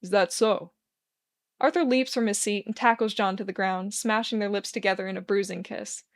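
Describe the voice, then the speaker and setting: A woman's voice: mid-range voice, fairly even intonation, brisk. Woman reading a fan story aloud. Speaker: fan fiction reader.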